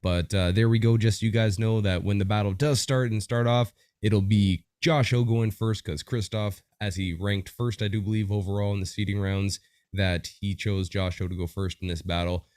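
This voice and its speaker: A man hosting a battle livestream, upbeat and chatty with a rambling flow. His voice is low, recorded close and dry. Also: steady tone, moderate pace, a little mellow, no echo. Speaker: livestream host.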